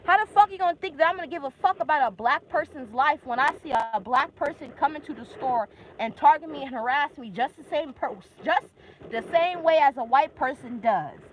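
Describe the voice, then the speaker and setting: Casting: young woman, twenties, higher-pitched voice, angry profane phone-stream rant, faint ambient noise behind. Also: lively intonation, fairly quick, poor audio. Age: 20s. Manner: agitated, heavily profane, talks in bursts. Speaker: vlogger.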